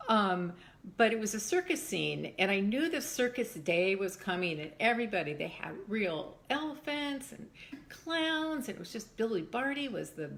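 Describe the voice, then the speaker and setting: An older woman, a mother, reminiscing in an interview with lively storytelling that acts out voices. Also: mid-range voice, normal speed, creaky. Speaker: mother of a former child actor. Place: home in Texas.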